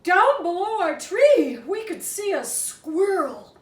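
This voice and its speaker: Slow, expressive woman reading a storybook. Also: very high voice, far from the mic. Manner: expressive, animated. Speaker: reader. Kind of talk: children's storybook narration. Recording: echoey room from afar.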